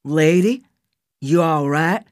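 A woman's voice: low voice, slow pace, darkish tone, dry recording, studio quality. A woman voicing a worried older stepfather asking what is going on. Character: concerned older stepfather shuffling in his robe.

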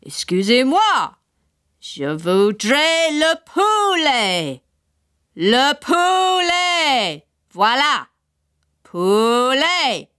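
A woman's voice: on the high side, big pitch swings, measured pace, fairly bright tone, voice pushed up. A woman voicing a blustering, stubborn middle-aged father with a Welsh accent in a read-aloud story. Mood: halting. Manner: bluff, stubborn and pompous.

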